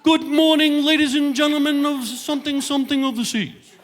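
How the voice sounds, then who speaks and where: A man voicing a pompous cruise ship captain in a mock British accent, droning on over a loudspeaker. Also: very high voice, little pitch movement, a little fast, voice pushed up. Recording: live audience laughter, noisy hall.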